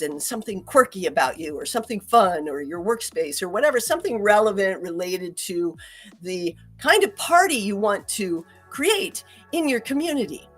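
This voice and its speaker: Woman, host, casual chat, breathy, quick laughs, faint music. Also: medium pitch, big pitch swings. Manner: chatty, laughs often, many restarts and ums. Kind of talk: casual talk.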